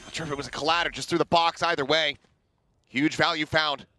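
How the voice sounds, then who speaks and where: A man casting esports play-by-play, fast and rising to excited calls on big plays. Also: a little high, a little hiss or hum. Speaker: play-by-play caster. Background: game sound effects and music.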